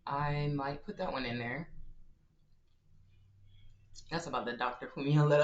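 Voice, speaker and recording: A man's voice: mid-range voice, fairly even intonation, a little slow, long pauses. A chatty man talks to his viewers while he plays a game on a live stream. He giggles between thoughts, calls his audience y'all, and stays easygoing. His voice sits in a middle range and sounds a little roomy and dull. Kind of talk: casual live-stream chat while gaming.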